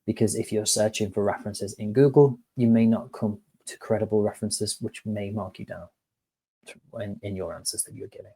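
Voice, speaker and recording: A man's voice: fairly low pitch, steady tone, brisk, warm tone, husky. A man, an HR course tutor who talks to viewers in a chatty, direct way and reads a storybook tale. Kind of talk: casual lesson with storytelling.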